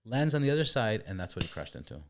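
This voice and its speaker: Podcast host guy, really deep voice, tells crash stories all animated. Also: quick pace, background noise. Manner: animated storyteller. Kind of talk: casual podcast conversation.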